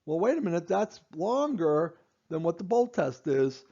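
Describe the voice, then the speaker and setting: Man, clinician-teacher, gravelly, mellow tone, dull lo-fi recording, stresses points over and over. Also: fairly high pitch, very animated, moderate pace. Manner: repeats and stresses key points, with fillers and restarts. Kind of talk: instructional explanation.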